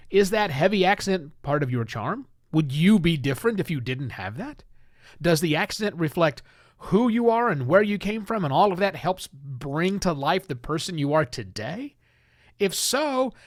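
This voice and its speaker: A man hosting a solo podcast, talking in an animated, emphatic and conversational way. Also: sits high, no room sound, clean studio sound. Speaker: podcast host.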